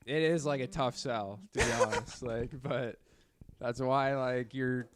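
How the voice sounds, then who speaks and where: A man's voice: mid-range voice, a little slow, background noise. A young man co-hosting a comedy podcast, rambling and self-mocking with crude jokes. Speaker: podcast co-host. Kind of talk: casual comedy podcast chat.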